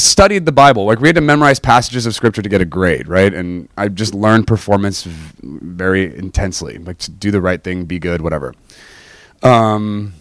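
A young man with a lowish voice recounts a personal faith story in a casual way, animated and quick to mock himself. He keeps checking in with "right?", and there's no echo.

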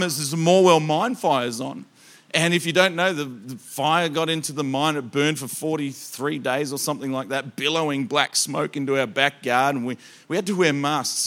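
A man preaching to a church congregation, telling animated stories that he acts out with loud bursts of emphasis. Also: a little high. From Australia. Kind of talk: storytelling sermon.

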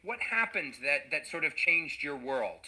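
Gentle man with a bright voice asking questions. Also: on the high side, big pitch swings, unhurried, poor audio. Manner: gentle, hesitant, repeats words. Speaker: interviewer. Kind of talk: interview questions.

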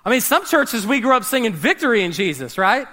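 A man preaching a sermon, animated, swinging between loud emphasis and hushed, dramatic drops. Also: very high-pitched, fairly quick. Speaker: pastor.

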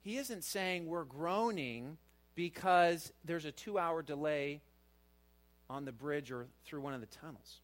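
A middle-aged man delivers a sermon from the pulpit with earnest conviction. His voice sits a little high for a man and lifts louder whenever he drives a point home. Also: measured pace. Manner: earnest, rises in pitch and volume for emphasis. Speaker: pastor.

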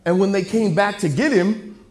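A man preaching a sermon, telling a story with jokes in an animated, self-mocking way. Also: high-pitched, normal speed, crowd noise.

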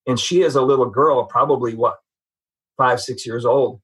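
A man's voice: medium pitch, fairly even intonation, moderate pace, a bit bright, husky, rough recording. A man giving an earnest, reflective personal testimony as a guest in a conversation. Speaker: podcast guest.

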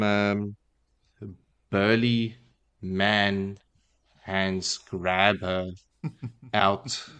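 A man hosting a podcast, casually retelling a book chapter in a relaxed, wry way with many fillers. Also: deep voice. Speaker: podcast host.

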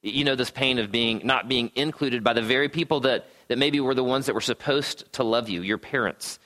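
In a church gathering room, a man preaches a sermon conversationally, often checking in with "right?" and tossing in wry asides. His voice is medium in pitch, fairly quick, and pushed and bright.

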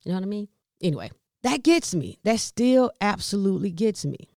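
A woman in her fifties from the Southern United States, a podcast host with a Southern American accent, telling caregiving stories in a lively way with asides and laughter. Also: mid-range voice, a little fast, no room sound, studio quality. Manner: lively storytelling with asides and laughs, addresses listeners as y'all. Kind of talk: candid caregiving talk.

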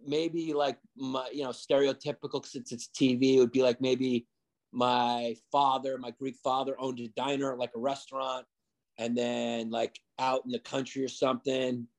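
A man's voice: medium pitch, little pitch movement, normal speed. A man who is a comedian guest, talking in a rambling, casual way with lots of fillers and restarts. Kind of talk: casual podcast chat.

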